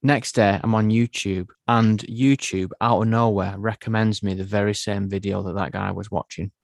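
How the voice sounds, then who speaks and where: A man's voice: lowish voice, steady tone, moderate pace, vocal fry, no room sound, clean studio sound. A man co-hosting a movie and TV podcast, chatting casually and playfully with his co-host. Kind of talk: casual chat.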